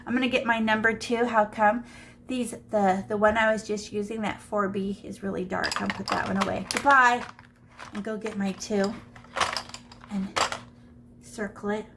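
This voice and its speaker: A woman's voice: mid-range voice, flat delivery, normal speed, noisy background. A woman art teacher demonstrating shading, chatting playfully and thinking aloud as she draws. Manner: chatty, playful, talks to herself while drawing. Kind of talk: live drawing lesson demonstration. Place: classroom.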